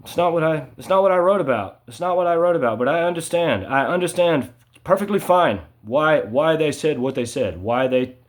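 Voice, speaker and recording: A man delivering an agitated, repetitive monologue, ending his sentences with "right?" and swinging between loud emphasis and low mutters. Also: animated, brisk. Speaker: vlogger. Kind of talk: ranting monologue to camera.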